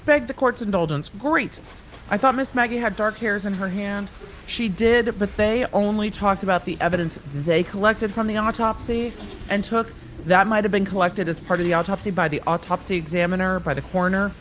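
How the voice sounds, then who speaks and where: A woman's voice: mid-range voice, a little hiss or hum. Woman host, middle-aged, dry wit, running live trial commentary. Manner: quick, wry, sarcastic asides.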